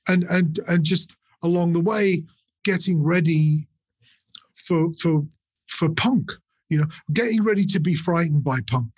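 Husky-voiced older man telling stories. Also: on the high side, a little slow, no echo. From north of England. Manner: animated, swears a lot, acts out other people's voices. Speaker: guest, drummer. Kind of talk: casual interview storytelling.

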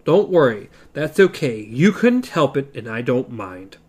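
A man reading aloud as a shaken young boy softly comforting his injured pet. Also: medium pitch, very animated, unhurried, slightly rough. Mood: tender.

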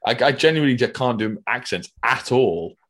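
A man's voice: mid-range voice, expressive, fairly quick, a bit bright. A man co-hosting a casual podcast, chatting about plans in a plain, laid-back way. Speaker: podcast co-host. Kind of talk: casual chat.

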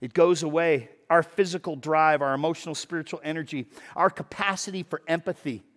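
A man preaching a sermon in a conversational, animated way, with sudden loud bursts for emphasis. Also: a little high, brisk. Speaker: pastor. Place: church sanctuary.

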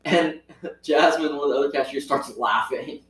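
A man's voice: on the high side, measured pace, a bit bright. A man chatting casually about his retail job, retelling stories animatedly and acting out the voices of the people involved. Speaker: retail store worker. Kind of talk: casual storytelling chat. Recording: echoey room, voice from far off the mic.

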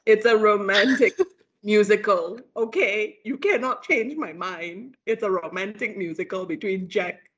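A woman with a Malaysian English accent, a lecturer telling a ghost story in casual chat, animated and full of fillers and laughs. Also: medium pitch, measured pace, husky. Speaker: lecturer, guest.

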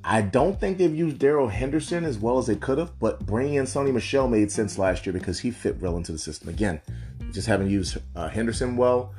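A man's voice: medium pitch, expressive, a little fast, darkish tone, faint music behind. A man giving loose, conversational solo commentary on football draft picks, with frequent asides. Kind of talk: casual solo sports commentary.

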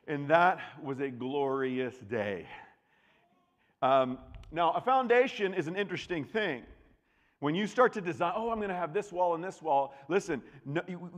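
A middle-aged man preaching a sermon, telling a story with lively acted-out voices. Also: on the high side. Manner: animated storytelling, acts out voices. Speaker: pastor. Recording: long reverb of a large hall.

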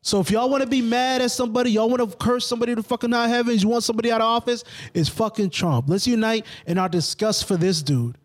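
A man co-hosting a casual podcast, joking and ranting in an animated, preachy way with lots of swearing. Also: very high-pitched, fast talker, hardly any pauses. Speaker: podcast co-host. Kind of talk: casual profane podcast chat.

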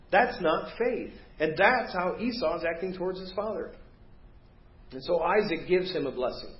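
A man preaching a sermon as pastor, animated and acting out the voices of the people in his story. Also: a little high. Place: church sanctuary. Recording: roomy, dull church recording.

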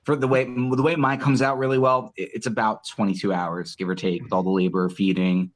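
A man's voice: on the low side, fairly quick. A man, a podcast guest, chatting casually and enthusiastically about cooking with many fillers. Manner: relaxed, filler-heavy, enthusiastic about food. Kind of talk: casual chat.

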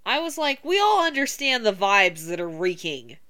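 A woman co-hosts a casual wrestling podcast over a remote call, chatting animatedly, swearing and laughing often. Her medium-pitched voice is sing-song, bright and forceful, at a moderate pace.

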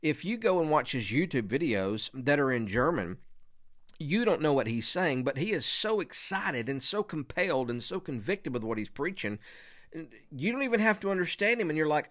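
A man's voice: a little high, sing-song, moderate pace, fairly bright tone. A man who preaches, giving an earnest, conversational teaching talk to other preachers, often restarting and repeating words.

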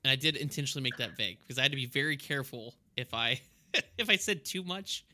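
Bright-voiced man explaining aviation jargon. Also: medium pitch, expressive, fast. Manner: explains jargon patiently, laughs easily. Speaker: co-host, airline pilot. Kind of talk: casual podcast chat.

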